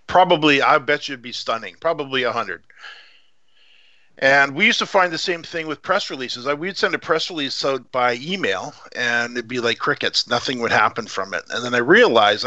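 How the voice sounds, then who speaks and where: A man's voice: medium pitch, sharp tone, dry recording. A man hosting a radio interview, talking in an enthusiastic, conversational way. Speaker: radio show host. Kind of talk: casual interview talk. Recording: dry, lo-fi sound.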